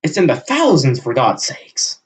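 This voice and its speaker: A man delivering a heated, profane solo rant with sudden loud bursts. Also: medium pitch, wildly swooping pitch, unhurried. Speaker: channel host. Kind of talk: solo ranting monologue. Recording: dull lo-fi recording.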